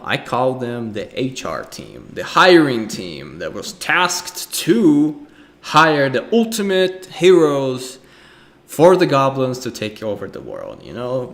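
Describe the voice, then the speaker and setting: A young man talks through an art lecture in a loose, rambling way, full of fillers. His voice sits at an ordinary middle pitch. Now and then he slips into acted voices and mouth sound effects. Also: fairly bright tone. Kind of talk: casual recorded lecture.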